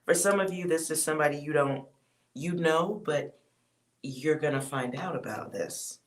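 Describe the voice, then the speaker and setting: A tarot reader giving a loose, casual reading to viewers, blunt and sometimes swearing, trailing off into quiet asides with sighs. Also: mid-range voice, normal speed, noisy background.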